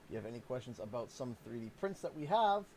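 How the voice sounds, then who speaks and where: A man from Canada hosting a game livestream, casual, playful and expressive. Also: mid-range voice, fast talker, a little hiss or hum. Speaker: livestream host.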